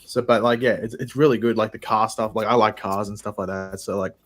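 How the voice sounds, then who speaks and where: A man's voice: fairly low pitch, little pitch movement, a little fast, a bit bright. A man with an Australian accent, chatting loosely on a panel stream with many restarts and fillers. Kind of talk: casual panel chat.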